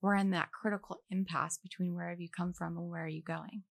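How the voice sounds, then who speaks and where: Young adult woman guest, animated storyteller, gravelly low voice, dry studio sound. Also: brisk, dry recording. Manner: animated, acts out quoted voices. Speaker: guest, actress. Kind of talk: casual faith conversation.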